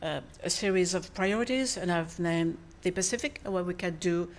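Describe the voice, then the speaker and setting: A woman whose first language is French, and who has a French accent, speaks as a foreign minister giving a formal speech and fielding questions. Her delivery is measured, with lots of pauses and fillers, and her voice sits lowish.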